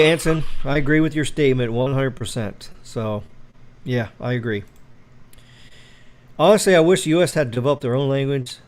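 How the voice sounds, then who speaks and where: An American man hosts a tech livestream in a mid-range, darkish voice. In casual, loose chat he answers viewer comments and rambles through explanations of wireless technology.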